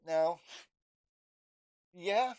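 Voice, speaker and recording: A young man in a casual, halting vlog monologue, with many fillers and restarts, acting out imagined dialogue. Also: sits high, darkish tone. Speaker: vlogger.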